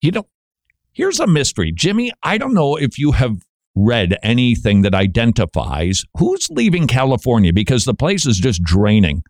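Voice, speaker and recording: A man's voice: mid-range voice, huge pitch swings, moderate pace, no room sound, clean studio sound. A man hosting a talk radio show, delivering a monologue full of wry, joking asides.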